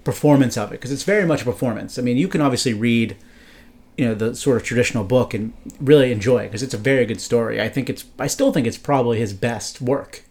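A man chats about a novel on a podcast, keen and a little rambling. His sentences loop back with "like" and "you know". His voice sits at an ordinary middle pitch. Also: fast, darkish tone. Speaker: podcast co-host. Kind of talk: casual book discussion.

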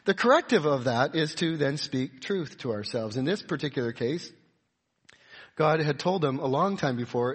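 A middle-aged man preaching a sermon, swinging from emphatic high points to quiet, confiding asides. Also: animated, moderate pace, husky. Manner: rises to emphatic peaks, drops to soft confiding asides. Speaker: pastor.

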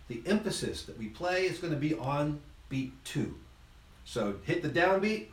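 A man giving an instrument lesson, counting beats aloud in an encouraging, relaxed way while he plays. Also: mid-range voice, reverberant. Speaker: music teacher.

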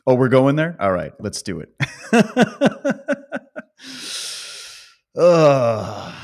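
A man giving a casual, rambling opinion monologue, ranting and sarcastic, with many fillers and restarts. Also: mid-range voice. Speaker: vlogger.

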